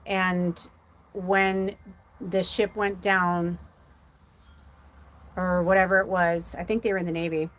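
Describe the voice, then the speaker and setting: This middle-aged woman, a psychic medium, has a low-leaning, level and fairly bright voice, speaking slowly with long pauses. She tells a story casually on a livestream, rambling and leaning heavily on "like," emotional and close to tears.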